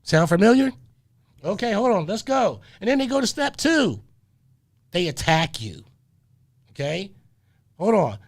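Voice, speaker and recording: Sing-song and measured, the high, gravelly voice of this male community radio host is full of frequent pauses. He talks preachily, going back over the same phrases and cutting himself off with hold on, wait a minute.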